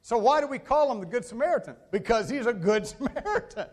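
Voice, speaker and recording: A man's voice: very high-pitched, animated, fast talker, hardly any pauses, darkish tone. A man preaching a sermon, telling stories with animation and acting out the voices of the people in them. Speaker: pastor.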